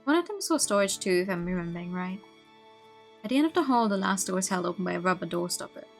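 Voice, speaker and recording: A woman streamer reading a visual novel aloud, with expressive narration and laughing asides. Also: mid-range voice, fast talker, gravelly, faint music behind.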